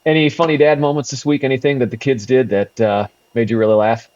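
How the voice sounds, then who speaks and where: A man's voice: mid-range voice, level tone, quick pace, darkish tone, no room sound, muffled recording. A man in his thirties co-hosting a casual podcast, laughing often and stammering through restarts. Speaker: podcast co-host. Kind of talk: casual chat. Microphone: remote call mic.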